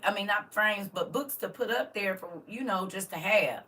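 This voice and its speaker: A woman's voice: medium pitch, moderate pace, bright, forceful tone, far from the mic. Chatty grandmother talking to her viewers. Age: older. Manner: chatty, talks straight to viewers. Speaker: vlogger. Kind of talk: casual live stream chat.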